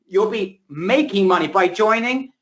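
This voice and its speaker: A man's voice: high voice, measured pace, poor audio. Hyped male webinar host selling hard. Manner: energetic, salesy, repeats himself. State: losing his voice. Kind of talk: hyped live sales pitch. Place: home, indoors.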